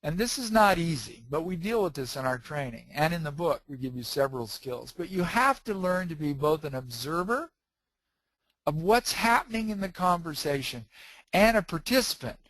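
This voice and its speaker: A man who is an author and trainer, telling stories in a lively way and acting out the quoted dialogue. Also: on the high side, moderate pace, no room sound, rough recording. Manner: animated storyteller, acts out quoted dialogue. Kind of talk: storytelling talk.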